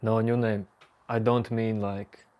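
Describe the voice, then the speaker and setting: A man's voice: on the low side, level tone, slow, a little mellow. A man hosting a late-night livestream, casually teasing and joking with his chat viewers. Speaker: livestream host.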